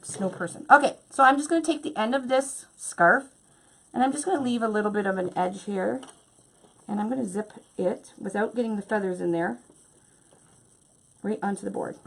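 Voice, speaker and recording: A woman's voice: mid-range voice, normal speed, creaky, fairly bright tone. A woman hosting a craft tutorial, chatty and bubbly as she explains each step while working. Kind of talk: hands-on craft demonstration.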